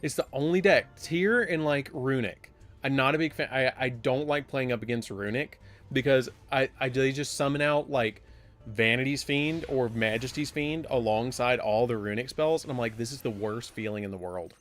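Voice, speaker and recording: A man's voice: medium pitch, moderate pace, fairly bright tone, soft background music. Chatty man streaming a card game. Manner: rambling, chatty, bursts of surprised exclamation. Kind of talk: casual live-stream chat.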